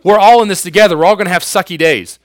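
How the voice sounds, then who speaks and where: A man's voice: high voice, quick pace, no echo. A man in his thirties preaching a youth sermon as youth pastor, casual and slangy, with everyday asides to his listeners.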